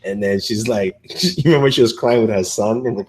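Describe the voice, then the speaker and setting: A man's voice: fairly low pitch, brisk. A man co-hosting a casual movie review chat, rambling with many fillers and restarts. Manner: acts out characters' lines in quotes.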